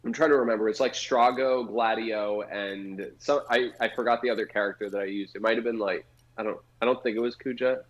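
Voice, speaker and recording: A man's voice: fairly low pitch, fairly even intonation, brisk, muffled recording. A man guesting on a game stream, chatting casually and thinking aloud as he recalls things.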